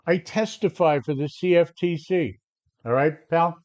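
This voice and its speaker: A man in his seventies coaches traders on a live stream, speaking a little high, a little slow, and a little mellow. He's brash and combative, talking back directly to viewers, and the sound is lo-fi.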